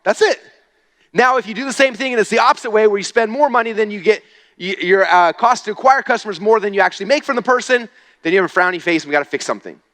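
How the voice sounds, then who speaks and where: A man giving an energetic, casual stage presentation to a live audience, often checking in with "okay?". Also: high-pitched, quick pace. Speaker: speaker at a marketing event. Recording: long reverb of a large hall.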